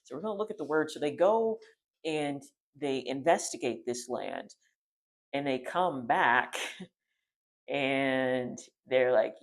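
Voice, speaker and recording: A man's voice: mid-range voice, slow. A man giving a casual, rambling spiritual talk, full of restarts and fillers, retelling a scripture story. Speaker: spiritual teacher.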